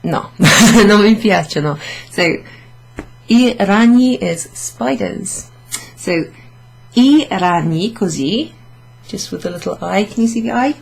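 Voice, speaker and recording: A woman teaching Italian in a relaxed, chatty classroom way, laughing often and saying her examples slowly. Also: mid-range voice, creaky, husky, rough recording. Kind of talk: casual classroom explanation.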